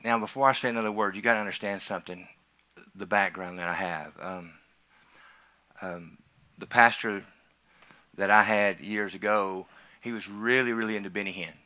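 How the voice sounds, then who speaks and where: A man who is a pastor, telling a personal testimony in a sermon, swinging from quiet asides to loud, excited emphasis. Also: fairly low pitch, moderate pace, long pauses.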